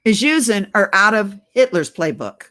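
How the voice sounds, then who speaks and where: In a casual political vlog, a middle-aged woman on oxygen gasps through an urgent, conspiratorial rant aimed at her viewers, whom she calls guys. She talks at a moderate pace in a medium-pitched voice that sounds pushed and bright, with lively intonation.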